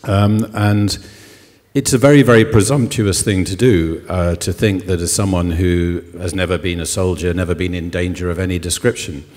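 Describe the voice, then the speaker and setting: Male author, very low voice, reflective and hesitant; hall reverb. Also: fairly even intonation, moderate pace, a little mellow. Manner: thoughtful, hesitant with many ums. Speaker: novelist guest. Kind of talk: literary festival conversation. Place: concert hall on stage.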